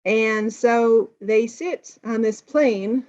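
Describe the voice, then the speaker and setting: American woman, English teacher, lively storyteller, slightly muffled recording. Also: fairly high pitch, extremely slow. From United States. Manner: lively storyteller, explains for learners. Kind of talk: casual chat retelling a film plot.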